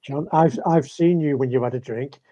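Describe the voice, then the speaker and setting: A jokey participant in a casual group chat, laughing often and reading out viewer comments. The voice is husky. The room sounds dry. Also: medium pitch, moderate pace, warm tone, no room sound.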